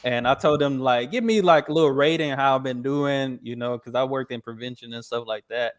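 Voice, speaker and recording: A man's voice: medium pitch, brisk. A young man from Texas with an American accent, hosting a casual interview with enthusiastic, rambling praise. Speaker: podcast host.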